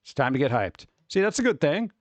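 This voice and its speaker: Brief: male streamer host, fairly high voice, dry close sound, loose rambling chat with casual swearing. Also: sing-song, brisk, dry recording. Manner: rambling, swears casually, reads news aloud.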